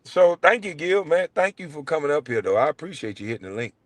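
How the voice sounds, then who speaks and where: A middle-aged man hosting his show, ranting in a blunt, profane way and swinging between low mutters and loud outbursts. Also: very animated, quick pace, dry recording. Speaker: show host. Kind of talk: heated livestream rant.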